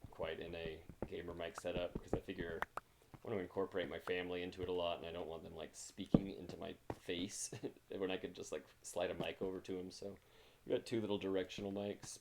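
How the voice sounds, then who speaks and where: Male streamer, deep and gravelly, rambling self-deprecating chat, close mic with heavy background noise. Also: fairly even intonation, a little fast. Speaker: game streamer. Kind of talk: casual livestream chat while gaming. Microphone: new mic mounted close in front of him.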